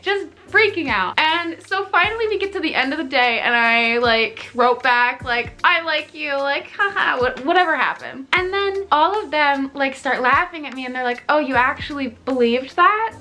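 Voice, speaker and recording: Bright, high-voiced chatty young woman. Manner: chatty, animated, frequent "like" and laughs; swearing, exaggerated indignation. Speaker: streamer and YouTuber. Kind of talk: casual storytime vlog.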